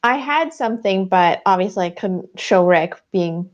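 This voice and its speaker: A woman co-hosting a casual sports podcast, chatty and giggly with quick asides. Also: medium pitch, lively intonation. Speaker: podcast co-host. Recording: dull lo-fi audio.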